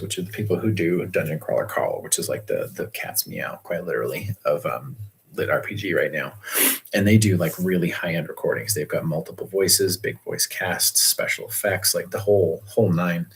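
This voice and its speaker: A man's voice: deep voice, vocal fry, breathy edge. A man, an author hosting his own livestream, chatting casually and rambling with lots of restarts about his audiobook.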